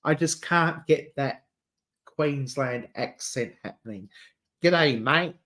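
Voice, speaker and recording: Slow-talking Adelaide Australian man. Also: mid-range voice, expressive, fairly bright tone. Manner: chatty and camp, laughs often, calls listeners dear. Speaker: channel host. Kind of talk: casual livestream chat.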